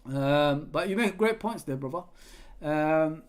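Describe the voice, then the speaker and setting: A man hosting a live football watch-along, excitably calling the play, yelling at players and chatting with viewers. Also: fairly high pitch, slow. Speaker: fan channel host reading live chat.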